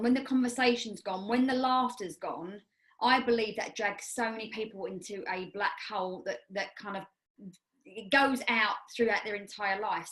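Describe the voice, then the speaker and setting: A woman's voice: medium pitch, low-quality recording. A woman with an English accent, co-hosting a podcast as a life coach, talking in a rambling, chatty way with frequent restarts. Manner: rambling, self-correcting, chatty. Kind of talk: casual chat.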